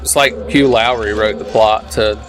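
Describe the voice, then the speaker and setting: A man's voice: lowish voice, steady tone, normal speed. A young man giving sarcastic, profane commentary while playing a video game. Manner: sarcastic, swears freely. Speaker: let's play commentator. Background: game music.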